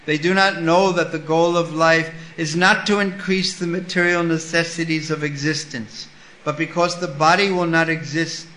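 A man giving a sermon, reading a scripture passage and explaining it with lively stories. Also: fairly high pitch, reverberant, a little hiss or hum, rough recording. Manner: storytelling with acted-out voices. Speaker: spiritual teacher.

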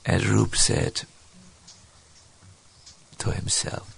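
A man telling a devotional story in a sermon, halting, with many fillers and restarts. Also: medium pitch, big pitch swings, vocal fry, fairly bright tone, slightly rough, dry recording. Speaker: spiritual speaker.

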